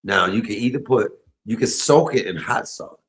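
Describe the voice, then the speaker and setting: Chatting and laughing, a middle-aged man shares casual stories as he cooks during a home livestream. He speaks in a lowish voice with lively intonation at a moderate pace, over a rough recording.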